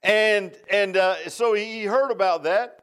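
High-voiced folksy preacher. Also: male voice, unhurried, a bit bright, clear, resonant tone. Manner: folksy, conversational, asks the class questions. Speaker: Bible study teacher. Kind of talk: casual sermon.

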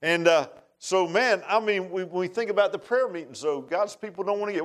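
A man's voice: sits high, a little fast, hardly any pauses. Folksy man preaching. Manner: folksy, emphatic preaching with asides. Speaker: pastor. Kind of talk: sermon.

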